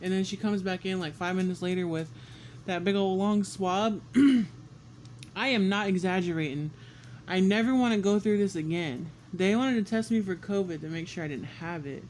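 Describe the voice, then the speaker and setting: A man vlogging a casual story about being sick, animated and swearing often, acting out what people said. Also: high voice, moderate pace, a little hiss or hum. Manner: animated, swears often, acts out quotes with squeals. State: congested and sick.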